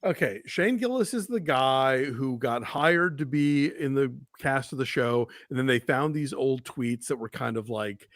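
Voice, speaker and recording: A man's voice: mid-range voice, lively intonation, measured pace, hardly any pauses, a bit bright, no echo. Chatty man on a close, dry mic. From Georgia, US. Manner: chatty, opinionated, lots of restarts and fillers. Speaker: co-host of a movie news livestream. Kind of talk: casual chat.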